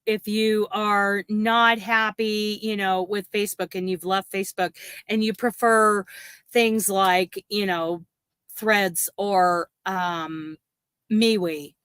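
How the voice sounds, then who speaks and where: A woman's voice: mid-range voice, fairly bright tone, clean tone, no room sound. A woman hosting a crochet livestream, chatting in a rambling, gushing way and laughing often. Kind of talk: casual livestream chat.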